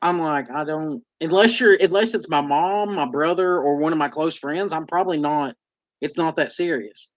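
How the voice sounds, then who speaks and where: A man's voice: on the high side, moderate pace. A man hosting a casual chat, laid-back and self-deprecating. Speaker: podcast host. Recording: dull lo-fi audio.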